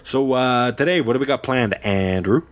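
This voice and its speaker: A man's voice: medium pitch, moderate pace. A man hosting a casual podcast and reading a story aloud with playful humor. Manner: playful, laughs often. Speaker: podcast host.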